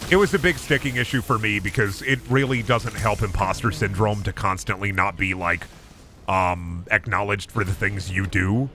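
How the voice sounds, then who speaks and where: A man's voice: fairly low pitch, moderate pace, pushed and bright, faint music behind. A man streaming a video game, chatting and swearing casually, often with an upward inflection. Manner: chatty, rambling, swears freely. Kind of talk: casual gameplay commentary.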